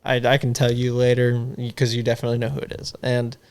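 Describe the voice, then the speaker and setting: A young man on a podcast casually rambles through profane party anecdotes, laughing as he goes. He speaks quickly in a monotone, his medium-pitched voice smooth and a little mellow.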